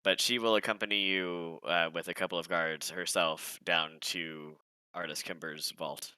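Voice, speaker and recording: A man running a tabletop game as game master, in a relaxed, rambling way. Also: low-pitched, moderate pace, clear, resonant tone, no room sound, poor audio.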